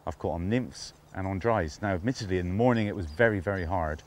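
A man's voice: low voice, fast talker. Enthusiastic man presenting outdoors. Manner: enthusiastic, admiring, talking half to himself. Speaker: fly fishing instructor and show presenter. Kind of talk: casual outdoor presenting to camera. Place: outdoors on a riverbank.

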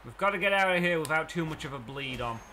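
Excitable young man shouting at his game. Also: a little high, quick pace. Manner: excitable, swings into shouting at plays. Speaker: let's play gamer. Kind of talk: live gameplay commentary.

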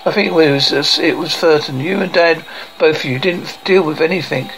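A man's voice: a little high, moderate pace, a bit bright, rough recording. A man voicing a sullen, defiant teenage girl who talks in a scornful, accusing way. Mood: resentful.

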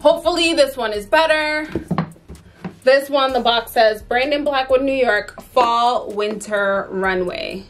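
A young woman talks through an unboxing in an unhurried, drawn-out way, with an exasperated, chatty manner full of "like" and "um". A faint hiss sits under her voice, with occasional clicks of handling. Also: high voice. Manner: chatty, exasperated, filler-heavy. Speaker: fashion vlogger. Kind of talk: casual unboxing chat.

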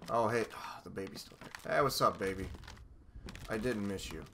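Male let's-player, dry sarcastic horror commentary, low but bright tone. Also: moderate pace, vocal fry, slight background noise. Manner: sarcastic, talks to objects in the game. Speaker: let's play gamer.

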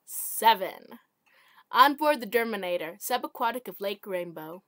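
A woman's voice: medium pitch, lively intonation, a little slow, fairly bright tone, no room sound. A woman reading her own short story aloud, stumbling over words and correcting herself. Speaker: amateur author.

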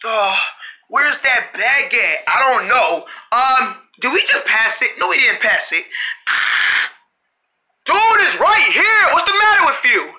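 A cartoon creator voicing every character in a family road-trip cartoon, with frequent shouting and screams. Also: medium pitch, unhurried. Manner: shouting and screaming often, animated. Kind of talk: one-person cartoon dialogue.

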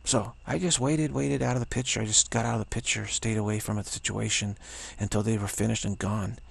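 A man's voice: fairly low pitch, fairly even intonation, a little fast, creaky, breathy edge, dry recording. A man telling a spiritual story in a rambling way, repeating himself and restarting often, with a sore throat. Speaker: spiritual teacher. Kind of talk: casual spoken reflection.

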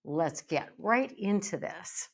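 Animated, emphatic middle-aged woman podcaster. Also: fairly low pitch, slow pace, breathy edge. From United States. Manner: animated, emphatic, playful mock voices. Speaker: podcast host and bariatric psychologist. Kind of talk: solo podcast monologue.

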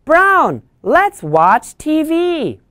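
A woman voicing a cheerful little girl with a new puppy, speaking in an excited, drawn-out, sing-song way while reading a picture book aloud. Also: high voice, no room sound, studio quality, pitched above the performer's own voice, heavily acted. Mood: delighted.

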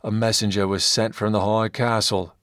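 A man voicing a brutal former slave chief in an audiobook, speaking slowly and deadpan about savage deeds. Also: fairly low pitch, no room sound, clean studio sound, lightly acted. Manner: slow, deadpan, matter-of-fact cruelty.

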